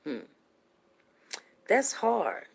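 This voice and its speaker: A middle-aged woman hosting a show, casually telling a personal story to her viewers, animated and repeating herself as she talks to them directly. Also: medium pitch, extremely slow, vocal fry, slightly rough. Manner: animated, repeats words, asks listeners "you know what I'm saying".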